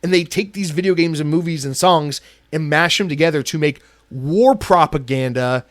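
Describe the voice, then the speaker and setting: A man's voice: a little high, normal speed, no echo. Angry profane man ranting, dry sound. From United States. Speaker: podcast host. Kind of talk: solo podcast rant.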